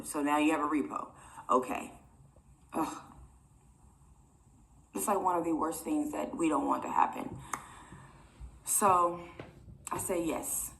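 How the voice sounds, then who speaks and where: A young woman, a delivery driver, casually telling her own story to viewers, animated and quoting others as she goes. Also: low-pitched, low-quality recording. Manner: animated, addresses viewers as y'all, quotes others. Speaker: food delivery driver and vlogger.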